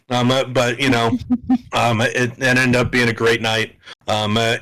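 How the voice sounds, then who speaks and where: Bright-voiced man telling a story. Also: medium pitch, unhurried, rough recording. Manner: animated storyteller, laughs a lot. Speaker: podcast co-host. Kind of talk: casual chat.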